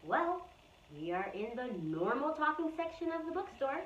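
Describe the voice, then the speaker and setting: A woman hosting a children's show in a bookstore, talking in a playful, clear way for kids. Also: sits high, sing-song, normal speed, a little hiss or hum. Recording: roomy, distant, slightly dull recording.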